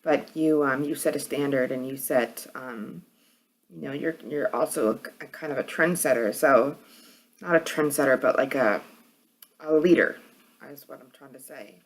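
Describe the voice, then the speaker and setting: A woman with a New York accent talks casually to her viewers in a low, hard-edged voice. She rambles, pausing on fillers and restarting her sentences as she goes. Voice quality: hard, edgy voice. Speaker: vlogger. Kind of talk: casual chat.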